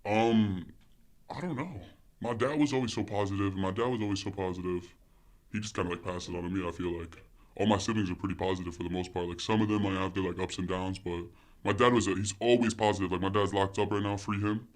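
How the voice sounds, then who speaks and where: A man's voice: low-pitched, steady tone, quick pace. A young man, talking loosely as a podcast guest, full of fillers and swearing. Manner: loose, profane, heavy on fillers. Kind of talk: casual chat.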